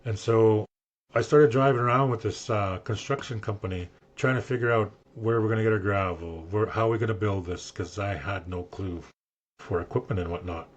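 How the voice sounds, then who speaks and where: Older guy, raspy kinda deep voice, emotional storyteller doing everyone's lines. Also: moderate pace, muffled recording. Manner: earnest, emotional storyteller who acts out quoted speech. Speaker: guest sharing his story. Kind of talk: personal storytelling.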